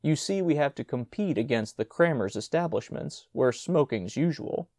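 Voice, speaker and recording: A man's voice: mid-range voice, animated, moderate pace, a little mellow, no room sound, clean studio sound, natural voice. A man voicing an easygoing school chaplain who explains things soothingly, in an audiobook story. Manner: soothing, reasonable.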